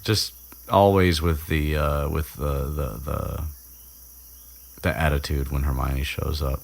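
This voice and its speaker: A man retelling a book chapter in casual chat, rambling with many restarts and fillers and dropping into quick voices for the characters. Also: extremely low pitch, fairly even intonation, creaky.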